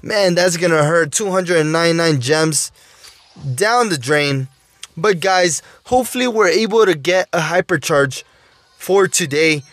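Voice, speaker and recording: High-voiced man pleading over loot boxes. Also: measured pace, a bit bright, no room sound. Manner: pleading, keeps saying "guys" and "oh my dude". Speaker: mobile gaming YouTuber. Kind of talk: gameplay commentary while opening loot boxes.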